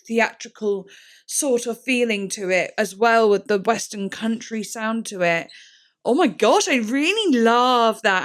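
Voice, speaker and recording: A woman hosting a music reaction video, chatting excitably, swearing freely and trailing off into fillers. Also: medium pitch. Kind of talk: casual reaction chat.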